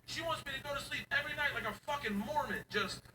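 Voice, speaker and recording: Brief: male stand-up comic, high voice, rowdy shouter, recorded far off in an echoey club. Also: fast talker. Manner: loud, shouting punchlines and acting out his kids. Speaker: stand-up comedian. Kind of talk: stand-up comedy set. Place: live comedy stage. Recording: echoey venue from far off, noisy.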